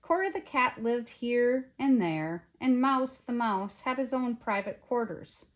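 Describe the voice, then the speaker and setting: An older woman, a grandmother, reading a children's picture book aloud in an expressive way. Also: on the high side, measured pace. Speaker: storyteller.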